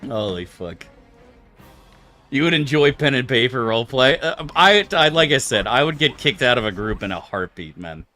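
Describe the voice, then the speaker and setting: A man streaming a video game, talking in a casual, animated, profane way and laughing often. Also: medium pitch, normal speed, faint music behind.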